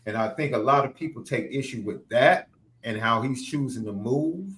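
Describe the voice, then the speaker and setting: Man, podcast co-host, mid-pitched, relaxed, explanatory, conversational. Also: normal speed. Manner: relaxed, explanatory, retelling others' views. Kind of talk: casual sports podcast chat.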